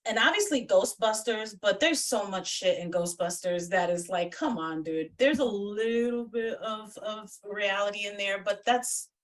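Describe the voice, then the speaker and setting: A woman's voice: mid-range voice, measured pace, few pauses. Woman psychic medium, casual guest, blunt and salty-mouthed, distant video-call audio. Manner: blunt, swears freely. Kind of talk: casual chat. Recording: distant from the mic.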